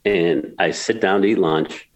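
A man's voice: low-pitched, measured pace, poor audio. A man in his sixties from upstate New York, telling emotional stories in an interview with many restarts and repeats. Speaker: golf course builder, guest. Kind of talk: storytelling interview.

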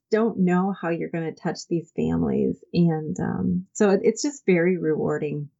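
A woman with a notably low voice speaks as an interview guest, earnest and heartfelt, often pausing on "um" and restarting her sentences. The recording sounds dull and lo-fi. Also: creaky, dark tone. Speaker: interview guest, church volunteer program founder. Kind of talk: conversational interview storytelling.

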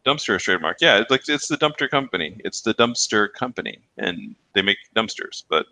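This podcast co-host has a lowish voice with big pitch swings, a slightly quick delivery and a bright, forceful tone. He chats in casual banter, rambling and swearing, and laughs at his own jokes.

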